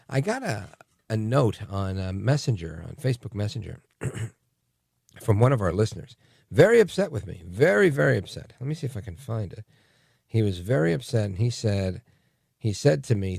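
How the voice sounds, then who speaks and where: A man hosting a talk radio show, delivering a sarcastic, animated monologue. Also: medium pitch, gravelly, husky, dry recording, studio quality. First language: English. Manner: animated and sarcastic, mocking voices in quotes.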